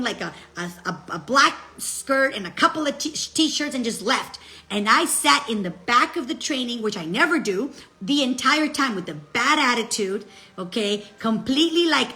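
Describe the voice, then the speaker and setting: Middle-aged woman, direct-to-camera motivational speaker; bright, fairly high voice; chatty and emphatic, switches into Spanish. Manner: chatty, emphatic, peppers speech with "okay?" and "guess what"; switches into Spanish phrases mid-sentence. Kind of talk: casual motivational talk.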